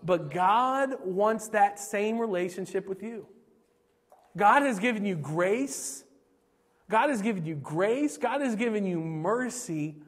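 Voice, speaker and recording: A man's voice: high-pitched, lively intonation, slow pace. A man from Pennsylvania preaching a sermon as pastor, earnest and repetitive, with chatty asides. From Pennsylvania, USA. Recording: long hall reverb.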